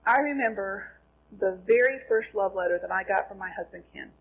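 A middle-aged woman from Minnesota, USA, teaches a Bible lesson to a group, asking her listeners questions and answering them herself. Her mid-range voice is slightly rough and moderately paced, and the recording is rough.

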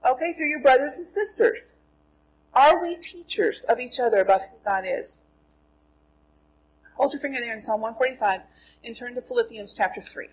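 Middle-aged woman Bible teacher, slightly high and husky, asks questions and answers them herself. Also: animated, moderate pace, long pauses, rough recording. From Minnesota, USA. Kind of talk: Bible lesson to a group.

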